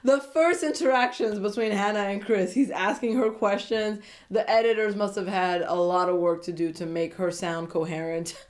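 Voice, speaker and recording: A woman's voice: mid-range voice, moderate pace, few pauses. Giggly, gossipy woman recapping TV. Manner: animated, giggly, gossipy, often laughing. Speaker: reality show recap vlogger. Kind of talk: casual chatty TV recap.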